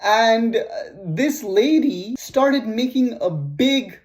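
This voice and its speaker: A man's voice: very high voice, lively intonation, slow. A man with a Canadian accent telling a personal story in a casual vlog, blunt and profane. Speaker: vlogger.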